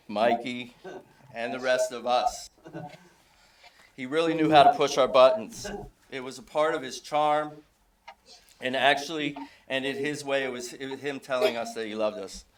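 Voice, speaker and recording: A middle-aged man, a father giving an informal eulogy at a funeral service, telling relaxed, anecdotal stories and chuckling often. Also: mid-range voice, normal speed.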